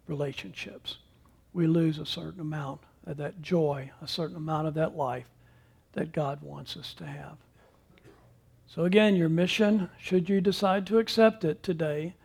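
A male preacher telling a story in a sermon, with measured delivery and dramatic pauses. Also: sits high, darkish tone, breathy edge.

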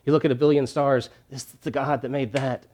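A man preaching a sermon as a pastor from behind a church podium, emphatic and repeating his key lines, dropping to a hush and then rising loud. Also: medium pitch, steady tone, a little fast.

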